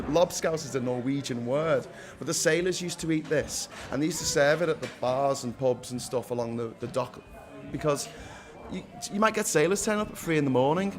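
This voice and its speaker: A young man with a Liverpool accent, chatting upbeat in an interview and laughing often. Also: a little high. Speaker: founder of a local food day. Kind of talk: casual interview.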